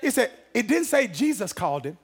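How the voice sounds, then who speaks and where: Male preacher, very high voice, animated shouting sermon with call-and-response. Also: fairly quick, breathy edge.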